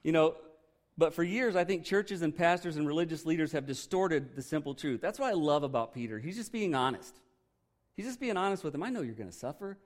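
A man's voice: on the high side, lively intonation, brisk. A man, a pastor preaching a conversational sermon with candid, joking asides.

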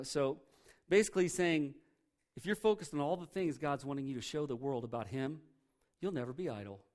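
A male pastor with a somewhat high voice, delivering a sermon. He moves between scripture reading and plain talk, punching key words loudly and then falling soft and low. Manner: emphatic, swings between loud stresses and quiet drops; reads scripture aloud and explains it conversationally.

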